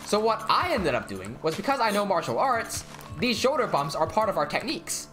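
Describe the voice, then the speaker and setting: Animated young man telling a story. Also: brisk, faint music behind. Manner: swears often, acts out quotes in a lower voice. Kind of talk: casual storytelling during a game stream.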